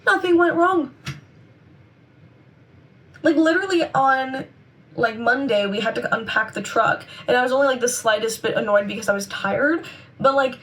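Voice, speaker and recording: A young woman rambles cheerfully through a casual vlog catch-up. Her voice sits high and sounds a touch worn. She is recorded from a little way off the mic. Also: normal speed, pauses often, fairly bright tone, distant mic. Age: 20s. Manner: chatty, rambling, upbeat. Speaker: vlogger and convention seller. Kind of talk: casual chat to camera.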